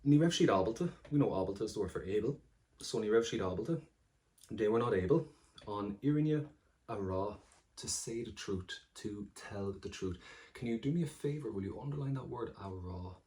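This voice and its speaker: A man's voice: lowish voice, fairly quick, mellow. Irish man teaching a lesson. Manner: encouraging, explains word by word. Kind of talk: exam-prep lesson.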